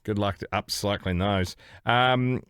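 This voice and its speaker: A man's voice: fairly low pitch, a little slow, a bit bright, smooth, no echo, studio quality. A man co-hosting a casual podcast, reading items aloud and cracking sweary jokes. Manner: joking, sweary, reading out a list with quips. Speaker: podcast co-host.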